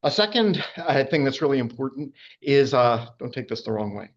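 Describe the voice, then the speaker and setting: A man's voice: big pitch swings, moderate pace. Chatty male anatomy lecturer, muffled sound. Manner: chatty, full of fillers and asides, wide pitch swings. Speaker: anatomy and physiology instructor. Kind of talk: informal public lecture.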